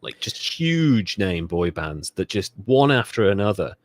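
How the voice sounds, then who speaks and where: Low-voiced man, lively and joking. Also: a little slow, dry recording. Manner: animated, joking, swears freely. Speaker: podcast co-host. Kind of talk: casual comedic history chat.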